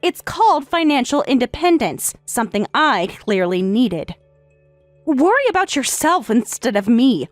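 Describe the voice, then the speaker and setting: Woman doing a cool sarcastic wife, lively higher voice, dry sound, text story. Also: a little slow, dry recording, soft background music. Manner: cool and sarcastic, matter-of-fact. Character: calm, sarcastic wife who has left her husband. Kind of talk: text-message story narration.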